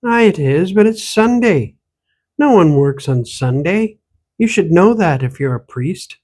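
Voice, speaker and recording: A man's voice: sits high, expressive, a little slow, a little mellow, pitched above the performer's own voice. A man voicing a small, irritable old rural woman who scolds a young stranger in a lilting country way of speaking. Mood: irritable, scolding.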